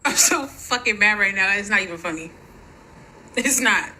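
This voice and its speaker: Furious profane woman ranting, bright voice. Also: medium pitch, lively intonation, moderate pace, rough recording. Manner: furious, profane, shouting in bursts. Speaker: social media creator. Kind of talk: angry rant to camera.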